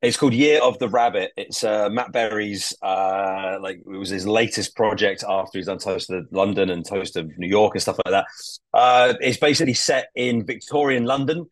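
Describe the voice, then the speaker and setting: A man's voice: on the low side, moderate pace, no echo. A man on a casual podcast chat, talking enthusiastically and swearing often while he stumbles through fillers and restarts. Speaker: podcast guest.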